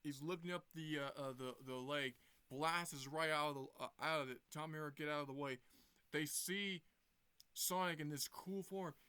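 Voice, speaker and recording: Young dude rambling through a movie plot, bright crisp voice, pretty high, dry sound. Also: male voice, moderate pace, no echo. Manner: rambling, many fillers and restarts. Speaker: movie reviewer. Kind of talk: casual plot retelling.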